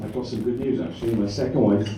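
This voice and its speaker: A man's voice: mid-range voice, steady tone, quick pace, heavy background noise. A man doing a crude, rambling stand-up routine and bantering with the crowd. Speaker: stand-up comedian. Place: comedy club stage. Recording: echoey room, mic from a distance.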